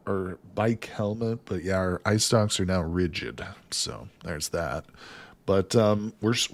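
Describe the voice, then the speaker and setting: Low-voiced joking male livestreamer. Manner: jokey, laughs often, reads chat aloud. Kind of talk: casual livestream chat while gaming.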